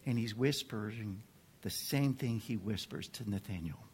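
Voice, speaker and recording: A man preaching a sermon to a group of men, earnest and measured, dropping to a hush and then building to fervent emphasis. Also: on the low side, vocal fry, slight background noise. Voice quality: drops to a near whisper at times. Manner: slow, earnest delivery with dramatic swings from hushed to fervent.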